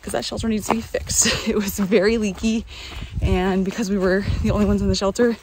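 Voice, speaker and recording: A woman's voice: mid-range voice, fairly even intonation, a little fast, noisy background. A woman from North Carolina talking to her phone outdoors on a mountain trail, chatty and upbeat. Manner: chatty, upbeat, loose and rambling. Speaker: vlogger. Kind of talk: casual on-the-go vlog talk. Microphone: handheld phone.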